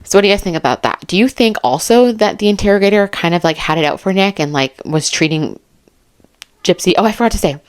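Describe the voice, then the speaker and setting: A woman giving casual, excitable true crime commentary to her viewers, chatty and often laughing as she reads messages aloud. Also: medium pitch, fast talker.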